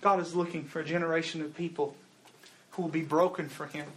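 A man's voice: on the high side, little pitch movement, a little fast. A young man preaching a fervent sermon at a youth revival service, calling his listeners "guys.". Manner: fervent, calls the crowd "guys".

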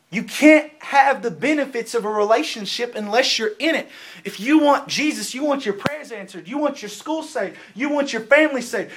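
A young man preaching with fervent, emphatic force, his voice sitting high for a man. He hammers his points home by repeating the same phrases again and again. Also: a bit bright. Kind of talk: sermon.

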